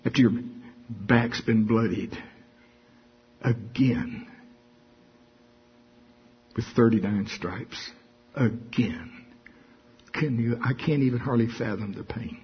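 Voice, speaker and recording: A man preaching a sermon in a lively way, acting out quotes and stories as he goes. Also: mid-range voice, slow, long pauses, husky, highs cut off. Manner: lively preaching, acts out quotes and hums a tune. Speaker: pastor.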